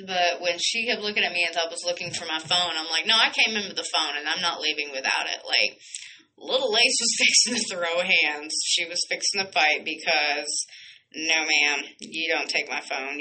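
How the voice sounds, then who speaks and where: A woman's voice: on the low side, sharp tone, a little hiss or hum, poor audio. A young woman, hosting a podcast and telling a rambling personal story full of fillers and asides. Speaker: podcast host. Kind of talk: casual storytelling monologue.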